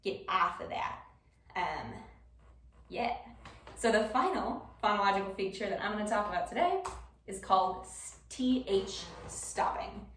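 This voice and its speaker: A young woman with a Wisconsin accent gives a casual, chatty class presentation with frequent ums. Her medium-pitched voice has lively intonation, a little slow and a bit bright. Heard from far off in a roomy classroom, with slight background noise.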